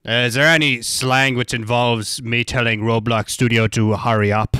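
A man's voice: mid-range voice, moderate pace, hardly any pauses, sharp tone, clean tone, faint music behind. A man doing joking, profane gameplay commentary, rambling and goofy as he plays. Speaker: gaming YouTuber.

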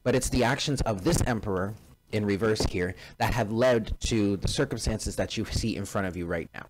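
A man's voice: lowish voice, normal speed, noisy background. A man giving a casual tarot reading straight to his viewers, emphatic and given to repeating himself. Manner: emphatic, repeats phrases, addresses listeners directly. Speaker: tarot card reader.

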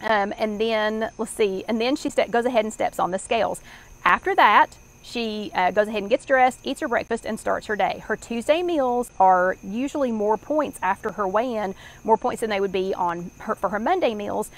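A woman's voice: mid-range voice, normal speed, rough recording. Chatty Southern woman hosting a live chat. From American South. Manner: rambling, chatty, many fillers and restarts. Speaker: online workshop host.

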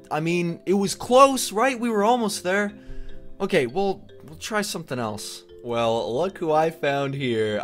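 A young man hosts a gaming video with playful, excited commentary in a pleading tone. Whenever he gets worked up, his voice jumps high.

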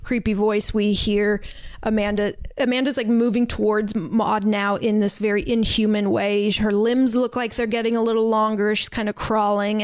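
A woman's voice: mid-range voice, clear, resonant tone, no room sound. A young woman on a podcast, retelling a horror film casually, with lots of "like" and little laughs. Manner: chatty, many fillers like "like", laughs while retelling. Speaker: podcast host recapping a film. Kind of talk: casual film recap storytelling.

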